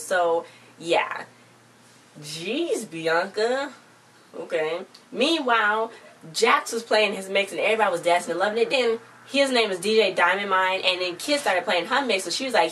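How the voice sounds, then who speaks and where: A woman's voice: mid-range voice, expressive, normal speed, a bit bright, recorded from a distance, a little hiss or hum. A woman chattily recapping a TV episode in a casual vlog, acting out the characters' lines as she retells them. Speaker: TV show recap vlogger.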